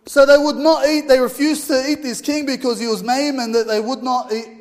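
A man's voice: very high voice, steady tone, fairly quick, darkish tone. A man preaching a sermon in an informal, earnest way, telling a story with fillers. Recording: long hall reverb.

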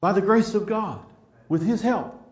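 A man with an Australian accent preaching a sermon, telling stories animatedly and rising to loud emphatic peaks before dropping to hushed, prayerful tones. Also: high voice, measured pace, echoey room, lo-fi sound. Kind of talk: sermon with storytelling.

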